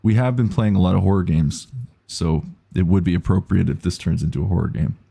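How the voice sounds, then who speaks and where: A man's voice: low-pitched, fairly quick, gravelly, mellow, slightly rough. A man streaming a game live, chatting casually and reading out viewer messages. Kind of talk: casual gaming commentary.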